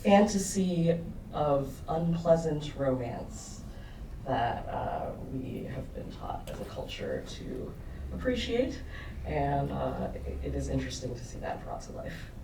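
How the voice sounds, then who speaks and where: A man's voice: mid-range voice, very animated, slow, vocal fry. A man speaking as a panelist after a film screening, hesitant with many ums and a dry sense of humor. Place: cinema auditorium. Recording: echoey cinema, distant mic, noisy.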